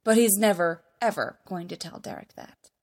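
A woman reading fan fiction aloud, narrating with wry, expressive emphasis. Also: fairly low pitch, normal speed.

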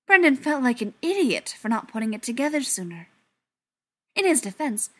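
A woman narrating a novel aloud in an expressive storytelling manner, sometimes dropping to near-whispers. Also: fairly high pitch, a little fast. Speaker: audiobook narrator. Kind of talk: scripted narration.

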